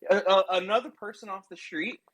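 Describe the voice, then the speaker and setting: Husky man with a throat tickle. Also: high-pitched, fairly even intonation, fairly quick, a bit bright, highs cut off. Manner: defensive, lecturing, trailing off. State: throat tickle, slightly nasal. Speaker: podcast co-host. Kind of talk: casual bickering chat. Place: remote call, own room.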